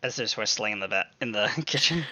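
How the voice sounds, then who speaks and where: A man's voice: on the low side, expressive, brisk, pushed and bright, no room sound, pitched below the performer's own voice. A man playing a proud giant blue alien. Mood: patient. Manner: haughty, stiff and easily offended. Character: proud giant blue-skinned male whale-descended alien.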